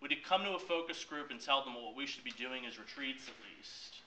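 A man recounts a personal story to an audience, acting out both sides of the conversation in an animated, laughing way. His voice is bright and forceful. He was recorded from some distance in a roomy, echoing space with faint noise behind. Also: medium pitch, brisk. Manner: animated, acts out quoted dialogue with laughs. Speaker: speaker at a ministry talk. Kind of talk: storytelling talk.

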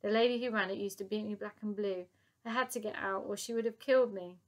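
A woman's voice: mid-range voice, fairly even intonation, quick pace, natural voice. A woman reading aloud, voicing a young orphan girl who speaks politely and earnestly.

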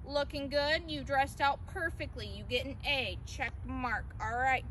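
A woman's voice: high voice, steady tone, unhurried, fairly bright tone, distant mic, a little hiss or hum. A woman playing a strict gym teacher who gives stern, clipped orders in a comedy skit.

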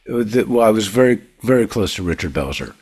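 A man's voice: lowish voice, animated, a little fast, a little mellow, husky. An older man, a comedy writer, telling rambling show-business stories as a podcast guest, laughing often. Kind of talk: casual anecdotal storytelling.

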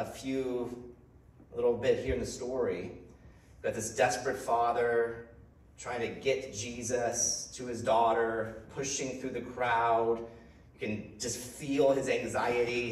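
A man's voice: medium pitch, distant mic. Roomy, off-mic conversational male preacher. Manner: conversational, repeats words as he goes, laughs lightly. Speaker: pastor. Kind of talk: sermon. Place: church hall. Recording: roomy hall sound from off-mic.

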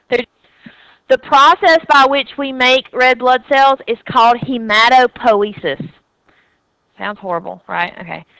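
In a recorded classroom lecture on anatomy and physiology, a woman with a Southern US accent speaks in a fairly bright, clean, rather high voice. She's chatty and checks in with students, often asking "okay?" The audio is poor but has no echo.

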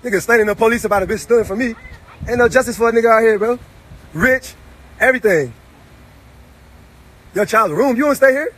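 A frustrated man shouting in a heated argument, repeating himself over and over. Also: very high voice, a little fast, pauses often. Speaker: homeowner arguing with police.

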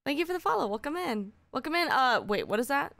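Bright, excitable woman streamer who swears. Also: sits high, quick pace, gravelly. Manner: excitable and heavily profane. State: voice still recovering from strain. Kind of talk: casual live-stream chat.

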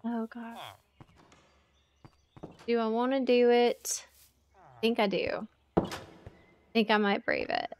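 A woman's voice: a little high, level tone, takes it slowly, long pauses, darkish tone, slight background noise. A woman hosting a game playthrough in casual commentary, chatty and exclaiming as she talks to the creatures on screen. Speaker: let's play host.

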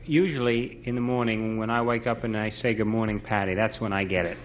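A man's voice: fairly low pitch, steady tone, fairly quick. Dry, teasing man on a panel. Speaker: game show panelist. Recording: noisy 1970s TV audio.

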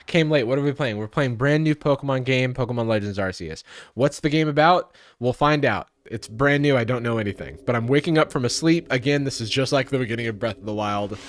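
A man's voice: mid-range voice, lively intonation, brisk. A man hosting a live stream, chatting casually and jokingly while playing a game. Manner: chatty and jokey, lots of fillers. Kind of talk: casual gameplay commentary.

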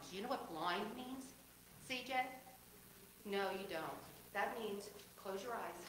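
A woman giving a children's sermon, speaking gently and warmly asking a young child questions as she tells the story. Her voice is mid-pitched and rings through a roomy church space. A faint hiss sits under it. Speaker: children's message leader. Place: church sanctuary.

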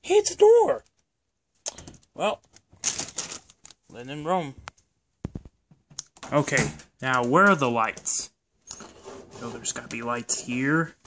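A man's voice: medium pitch, sing-song, takes it slowly, pauses often, slight background noise, exaggerated voice. A man voicing a brave, curious dinosaur in a homemade toy adventure, jumpy and talking to himself. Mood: nervous. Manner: jumpy, talks to himself, shouts when startled.

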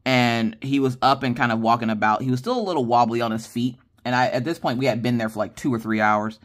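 Chatty woman telling a lively story. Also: extremely low pitch, fast. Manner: animated, acts out quoted dialogue with lively voice shifts; chatty, with many fillers and restarts. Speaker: craft channel host. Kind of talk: casual storytelling chat.

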